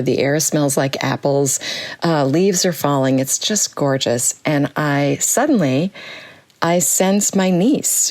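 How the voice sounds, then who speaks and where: Woman telling a spirit story, low-ish voice, thoughtful, does little voices for people. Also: a little mellow, dry recording. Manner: reflective, acts out quoted voices. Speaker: writer and storyteller.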